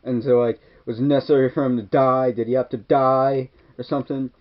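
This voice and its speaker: A man's voice: medium pitch, flat delivery, brisk. A man casually retelling a film's scenes, rambling with constant "like" and "kinda", in a dull lo-fi recording. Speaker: movie reviewer. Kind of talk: casual movie recap.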